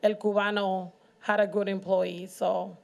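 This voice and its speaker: A middle-aged woman, a local restaurant owner, speaks haltingly at a community meeting, with frequent pauses and restarts. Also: medium pitch, flat delivery, creaky, darkish tone. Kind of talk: personal testimony at a public forum.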